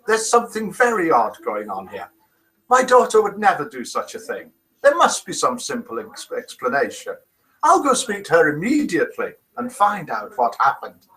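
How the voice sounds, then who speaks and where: A man voicing a calm Irish mother-in-law in a joke, with an attempted Irish accent and a soothing, reassuring tone. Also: a little high, normal speed, exaggerated voice, poor audio.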